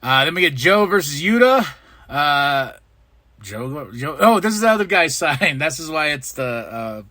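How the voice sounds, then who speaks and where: A man's voice: on the high side, sing-song, unhurried, sharp tone, no room sound. A man hosting a podcast, casually recapping wrestling shows, laughing often and acting out quotes. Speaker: podcast host.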